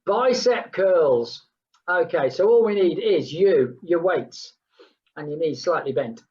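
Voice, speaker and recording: A woman's voice: fairly low pitch, expressive, slow, darkish tone, lo-fi sound. A woman leading a group exercise class, chatting between count-downs and humming playful sounds. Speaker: fitness instructor.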